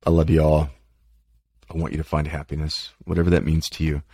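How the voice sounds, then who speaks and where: Gravelly low-voiced man, candid and rambling. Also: level tone, fairly quick, darkish tone, no room sound, studio quality. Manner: candid, profane, self-deprecating. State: dry mouth. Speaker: podcast host. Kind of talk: rambling personal monologue.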